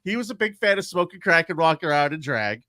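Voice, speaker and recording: A man co-hosting a podcast, telling a true-crime story in an animated, profane way. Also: on the high side, fast, no echo, clean studio sound. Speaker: podcast co-host.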